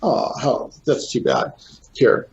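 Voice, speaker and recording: A man's voice: medium pitch, huge pitch swings, slow pace, a little mellow, echoey room, dull audio, a little hiss or hum. A man playing in a tabletop role-playing game, talking casually and chattily. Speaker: player.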